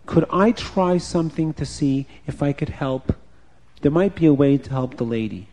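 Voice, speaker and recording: A man voicing a kind young boy who speaks gently and earnestly, eager to help. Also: fairly high pitch, expressive, moderate pace.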